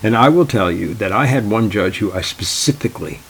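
A man's voice: lowish voice, lively intonation, fairly quick, fairly bright tone, slight background noise, rough recording. A man, a tournament organizer, telling anecdotes in a wry, dry, exasperated way. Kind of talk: anecdotal storytelling.

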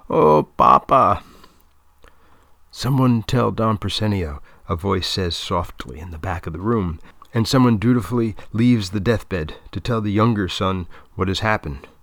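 Gravelly low-voiced male storyteller. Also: no room sound, clean studio sound. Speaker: narrator. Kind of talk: storybook narration.

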